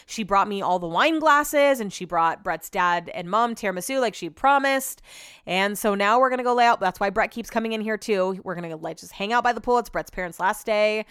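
A chatty woman podcaster speaks from a room in her home and relays a story, slipping into other people's lines as she goes. Her voice is smooth and clear. The sound is dry, close and crisp. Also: medium pitch, brisk, a bit bright, dry recording. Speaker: podcast host. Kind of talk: casual solo storytelling.

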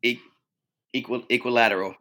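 A man's voice: medium pitch, fairly even intonation, fairly quick, pushed and bright. A man co-hosting a casual podcast, joking around and rambling with plenty of fillers. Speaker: podcast co-host.

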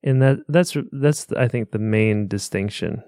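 A man's voice: on the low side, measured pace, warm tone, clean tone, no room sound. Easygoing male co-host, mid voice, close dry mic. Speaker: podcast co-host. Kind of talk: casual chat.

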